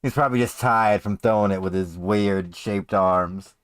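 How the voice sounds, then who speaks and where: A man's voice: on the low side, normal speed, a crowd in the background. A man giving crude, sarcastic commentary as he reacts to a video, swearing often. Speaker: streamer reacting to a clip.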